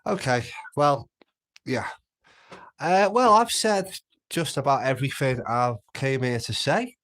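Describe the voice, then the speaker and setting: A man's voice: medium pitch, very animated, measured pace, a bit bright. A man from Birkenhead with a Scouse accent, hosting a casual livestream and chatting through comments with easy laughs. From Birkenhead, England. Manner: chatty, laughs easily, frequent restarts. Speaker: livestream host. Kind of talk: casual live chat reading comments.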